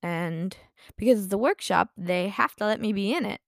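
A woman's voice: mid-range voice, normal speed, vocal fry, no room sound, clean studio sound. A woman chatting casually in a vlog, rambling and self-deprecating with lots of fillers, her voice a bit tired. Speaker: vlogger.

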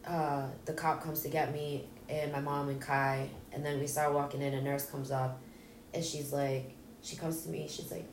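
Low-voiced woman telling a raw story. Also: level tone, moderate pace, noisy background. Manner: raw, blunt, swears, acts out dialogue. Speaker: interview guest. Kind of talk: emotional personal storytelling. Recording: roomy echo, distant mic, faint ambience.

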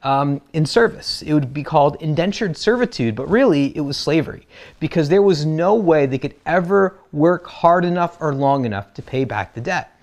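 A man's voice: on the high side, animated, normal speed, a little mellow. A man preaching a sermon, who retells the story in a casual, humorous way. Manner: conversational and humorous, acts out quotes. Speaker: pastor.

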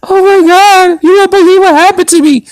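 A man voicing a hysterical, sobbing adult woman in a shrill falsetto. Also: fairly even intonation, unhurried, no room sound. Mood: frantic.

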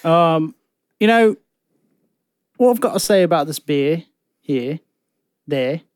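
A man's voice: a little high, animated, takes it slowly, darkish tone, smooth, dry recording, studio quality. A man in casual podcast banter, laid-back and wry, leaning on fillers. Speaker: podcast co-host.

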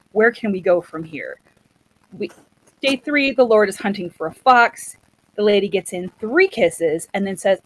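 A woman's voice: on the high side, dry recording, rough recording. Chatty woman retelling a story. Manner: chatty, animated, acts out quotes.

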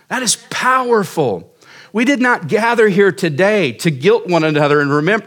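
A man's voice: high voice, a bit bright. A man in his forties preaching a sermon as pastor, telling a story casually and making fun of himself. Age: 40s. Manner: casual, self-mocking storytelling.

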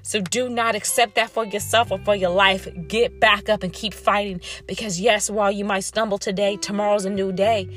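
A woman's voice: medium pitch, flat delivery, moderate pace, few pauses, a bit bright, soft background music. A woman giving a fired-up motivational monologue about weight loss, calling her listeners y'all.

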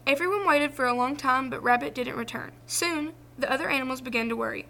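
A woman reading a children's folktale aloud, in a clear and expressive storytelling voice. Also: high-pitched, fast talker.

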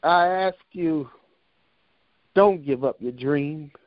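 A man preaching a sermon, telling a personal story with a measured, repetitive cadence. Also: fairly high pitch, no echo, muffled recording.

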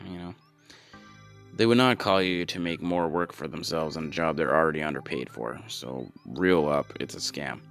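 A man's voice: a bass voice, normal speed, creaky, fairly bright tone, soft background music. A male comedian telling a stand-up bit in a casual, conspiratorial way, acting out scenes as he goes.

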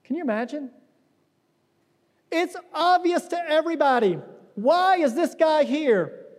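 A man's voice: very high voice, a little mellow, long reverb tail. A man preaching a conversational sermon in a church, acting out quotes as he explains a passage. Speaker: pastor. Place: church sanctuary.

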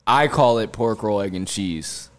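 Young New Jersey guy, a bit low-voiced, cussing and rambling loosely as a podcast co-host. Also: lively intonation, a little slow. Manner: loose, profane, slangy storytelling. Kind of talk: casual chat.

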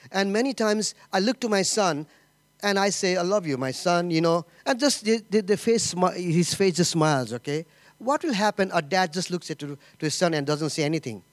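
A middle-aged man giving an informal sermon, halting and repeating himself, often saying "you know" and "okay?". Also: high-pitched, no room sound. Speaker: pastor.

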